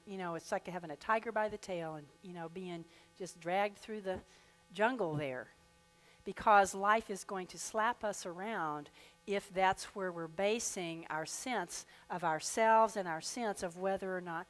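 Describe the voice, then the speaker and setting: A woman minister giving a sermon in a church, leading the congregation through slow affirmations and reading a rhyming poem with lively expression. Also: lowish voice, soft background music. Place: church sanctuary.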